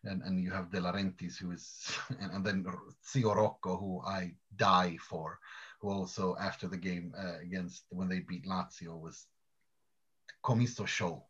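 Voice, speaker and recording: A man's voice: sits low, steady tone, measured pace, fairly bright tone, slightly rough, muffled recording. A man, a football journalist guest, talking casually with lots of stammering restarts. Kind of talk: casual chat.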